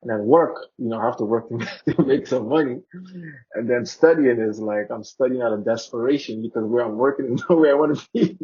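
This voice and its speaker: A young man from the Turks and Caicos Islands, a guest in a casual interview, telling stories in an animated way and acting out the voices he quotes. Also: mid-range voice, a little fast, breathy edge, dull audio. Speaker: guest, cloud engineer and athlete.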